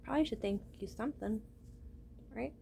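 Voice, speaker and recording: A woman's voice: fairly high pitch, fairly quick, gravelly, mellow, slight background noise. A woman talking to her viewers in a rambling, casual vlog monologue, swearing freely and often starting with "listen". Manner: rambling, profane, keeps saying "listen". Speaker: vlogger.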